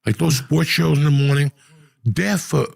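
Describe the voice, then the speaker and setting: Gravelly older New man ranting. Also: on the high side, normal speed, dry recording. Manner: profane, rambling, animated storyteller. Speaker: podcast host. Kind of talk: casual storytelling chat.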